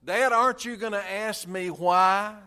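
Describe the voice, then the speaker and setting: A lonely little boy in a sermon story, earnest and pleading with his busy father, as a preacher acts him out. The voice sits high and the delivery is slow and unhurried. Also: bright, forceful tone, clear, resonant tone. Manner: earnest, pleading, raised pitch.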